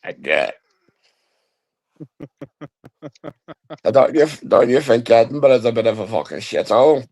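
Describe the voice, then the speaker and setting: A man putting on a gravelly, teasing caller voice. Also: mid-range voice, sing-song, a little fast, darkish tone. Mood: provocative. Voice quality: gravelly, throaty. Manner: keeps calling the host "lad", teasing. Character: gruff mocking man with a throaty voice. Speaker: caller on a live stream.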